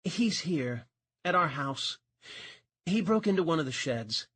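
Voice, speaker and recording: A woman's voice: low-pitched, animated, unhurried, slightly rough, no room sound, voice pushed up, exaggerated voice. A male narrator voicing a sweet, worried young ranch woman with a Texas drawl in an audiobook. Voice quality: soft, sweet voice.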